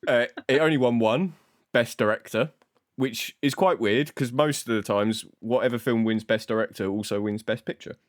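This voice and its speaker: A man's voice: mid-range voice, moderate pace, dry recording. A young man hosting a casual film podcast in a loose, sweary, self-deprecating way. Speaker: podcast host.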